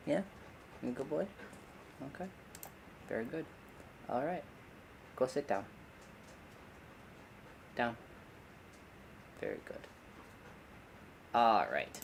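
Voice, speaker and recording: A man's voice: mid-range voice, sing-song, takes it slowly, creaky, pauses often, a little hiss or hum. A man hosting a casual livestream from his hobby room, rambling and joking while he fixes his camera and talks to his dog. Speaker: livestream host.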